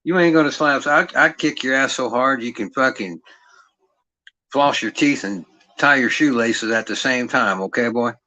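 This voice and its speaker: A man's voice: mid-range voice, normal speed, sharp tone, no echo, poor audio. A middle-aged man in a profane livestream rant, aggressive and mocking, swearing heavily and throwing out taunting rhetorical questions.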